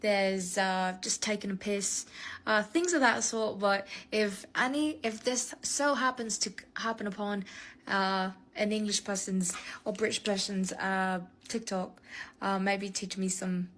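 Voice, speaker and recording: An American woman with a mid-range voice talks to the camera in a casual, rambling way. She pauses often and drifts from point to point. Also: mid-range voice, fairly even intonation, a bit bright. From United States. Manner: rambling, chatty, halting with fillers. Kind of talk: casual vlog commentary.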